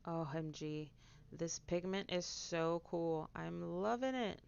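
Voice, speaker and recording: A low, gravelly woman's voice chats easily with her stream as she paints, dropping now and then into hushed whispers. The sound is dull and lo-fi. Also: slow pace. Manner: chatty, drifts into soft whispers while concentrating. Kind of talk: casual livestream chat while painting.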